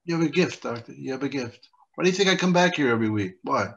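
A sardonic, wisecracking man trades improvised comedy banter as a therapy patient. His pitch sits in an ordinary middle range, and he delivers the jokes in a dry, mocking way. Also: expressive, fast, gravelly, a bit bright, lo-fi sound. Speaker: comedian guest playing a patient.

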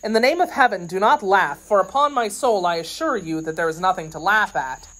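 A woman's voice: mid-range voice, fairly quick, a bit bright, natural voice. A woman voicing an earnest young male swordsman who speaks with urgent pleading in an audiobook reading.

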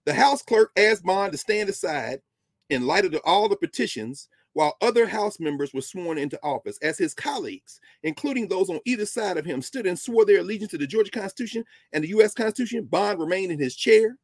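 A man's voice: sits high, animated, fairly quick, dry recording. A man giving a history lecture on a talk show, telling the story with emphasis and dropping into casual asides.

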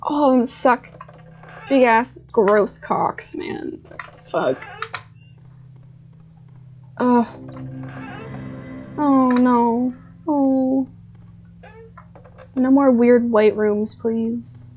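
A woman's voice: fairly high pitch, extremely slow, pauses often, a little mellow, muffled recording. A woman streaming a horror game, swearing and laughing at her own scares as she comments. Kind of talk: live gameplay commentary.

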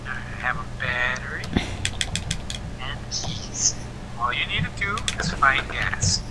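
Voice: mid-range voice, expressive, slow pace. A person chatting casually with a teasing, wry manner while playing a video game together. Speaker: gaming partner. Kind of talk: casual gaming chat. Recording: noisy background.

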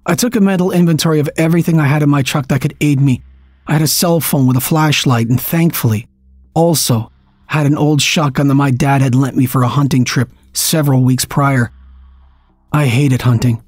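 A man's voice: mid-range voice, brisk, a little mellow, no room sound. Man narrating a tense story. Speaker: audiobook narrator. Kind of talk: first-person story narration.

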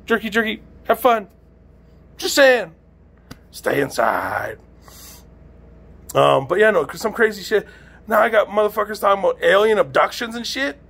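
A man's voice: high-pitched, vocal fry, fairly bright tone. A man doing a rambling, profane stand-up rant. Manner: profane, rambling, exasperated ranting. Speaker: amateur comedian.

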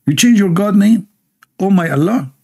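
A man's voice: high voice, lively intonation, moderate pace, gravelly, a little mellow, slightly rough. A man hosting a livestream, reading viewer comments aloud and mocking them with sarcastic asides and laughter.

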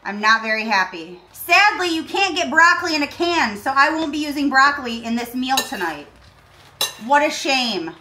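A woman hosts a comedic cooking tutorial with a high, bright, sharp voice. She talks in an aggressive, deadpan, complaining way, uncomfortable in a costume. The sound is echoey, with a faint hiss behind her. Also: normal speed. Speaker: cooking show host. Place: home kitchen.

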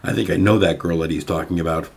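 A man's voice: low-pitched, fast, creaky, breathy edge. A male host presenting a commentary show and dropping dry, wry asides over a commercial. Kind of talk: casual commentary.

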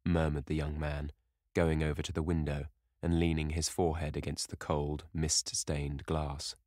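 A man narrating an audiobook in a measured, dramatic reading style. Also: extremely low pitch, level tone, a little mellow, no room sound, studio quality. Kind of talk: scripted narration.

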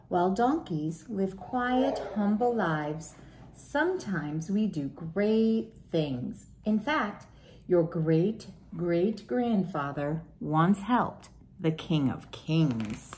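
An older woman reading a children's picture book aloud in a gentle, unhurried storytelling manner. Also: on the low side, lively intonation. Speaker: storybook reader.

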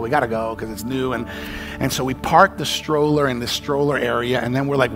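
A pastor preaches a sermon, telling a story with animated delivery and acting out panicked shouts and dialogue. His voice is medium in pitch.

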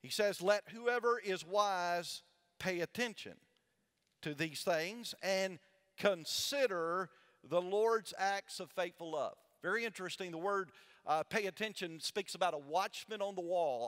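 A male pastor with a high voice delivers a sermon in a big church sanctuary, his words ringing out with a long hall reverb. He preaches in call-and-response fashion, pausing on questions for the congregation to answer. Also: fairly bright tone, clean tone. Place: large church sanctuary with balcony.

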